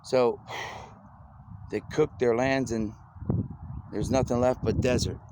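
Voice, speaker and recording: A man rambling excitedly in an outdoor monologue, repeating himself as he goes. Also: mid-range voice, takes it slowly. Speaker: video blogger. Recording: noisy outdoor recording.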